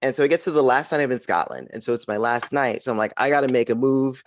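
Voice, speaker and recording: A man's voice: medium pitch, animated, quick pace, no echo, studio quality. A man in his forties performing a stand-up set, telling a story with big swings into put-on voices. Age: 40s. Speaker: stand-up comedian.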